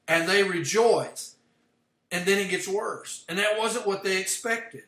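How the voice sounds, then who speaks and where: Bright-voiced man teaching scripture. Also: high-pitched. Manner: explanatory, unpacks word meanings slowly. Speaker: Bible teacher. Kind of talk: livestreamed Bible study. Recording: echoey room.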